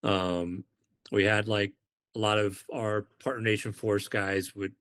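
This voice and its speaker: Man from the uk, lowish voice, casual podcast guest, animated storyteller doing quoted lines. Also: unhurried. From United Kingdom. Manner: animated, acts out quoted dialogue. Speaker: podcast guest, former Marine.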